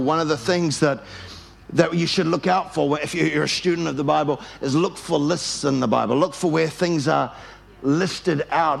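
A man's voice: fairly high pitch, creaky. A male pastor preaching a sermon at a church service, telling stories with animation and leading the congregation in call-and-response.

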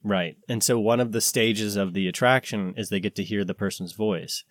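American man, podcast co-host, low voice, meandering casual chat. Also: normal speed, no echo, clean studio sound. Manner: rambling, searching for words with many fillers.

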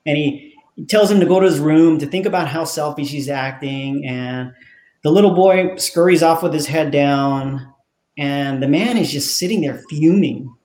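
A man's voice: on the high side, normal speed, reverberant. A man being interviewed as an author, telling a story and acting out the people in it. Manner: animated storyteller acting out dialogue. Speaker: author and guest.

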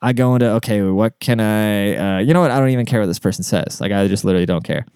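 Male podcast host, loose profane storytelling, smooth clear tone, close and dry. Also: fairly low pitch, very fast, a little mellow, no room sound. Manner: rambling, profane, with frequent fillers and asides. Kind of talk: casual monologue. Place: outdoors.

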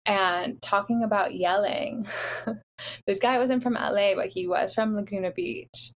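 A young woman from the Los Angeles area chatting casually, telling a dating story in an animated way with lots of "like" fillers. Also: medium pitch, a little slow, slight background noise. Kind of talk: casual chat.

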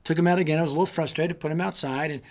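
A man giving an energetic, sermon-style talk to youth leaders, telling stories and rallying them with repeated calls. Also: a little high, rapid-fire. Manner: energetic storytelling with repetition; exhorting, rallying listeners. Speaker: youth ministry speaker.

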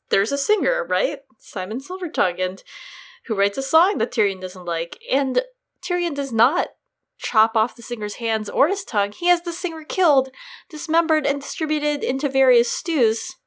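A young woman talks through the episode with her co-host in an easy, animated way. She laughs a lot, and her voice leaps higher whenever she jokes. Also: moderate pace. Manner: animated, laughs often, pitch jumps when joking. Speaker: podcast co-host. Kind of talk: casual chat.

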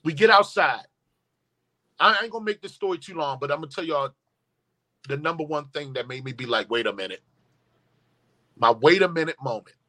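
Man, guest telling a story, emphatic and profane, forceful bright tone. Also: on the high side, a little fast. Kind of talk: storytelling in casual conversation.

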